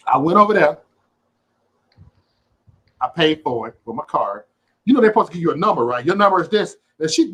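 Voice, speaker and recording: A man hosting a casual livestream, telling a story in an animated, profane way and acting out the quotes. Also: high-pitched, breathy edge, rough recording. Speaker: host.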